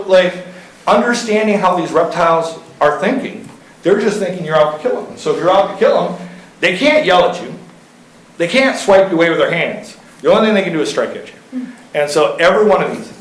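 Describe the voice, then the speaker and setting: A man in his thirties tells easygoing stories to a city council in a slightly high voice. His folksy, rambling delivery is full of fillers. The sound is roomy, with the echo of a council chamber and a faint hum of ambience behind it. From Iowa. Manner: chatty and folksy, lots of fillers and anecdotes. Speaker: local reptile keeper speaking to city council. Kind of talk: casual storytelling at a public meeting.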